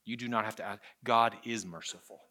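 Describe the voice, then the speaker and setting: Male pastor, sermon, bright tone, earnest storytelling, repeats phrases. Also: fairly low pitch, fairly quick.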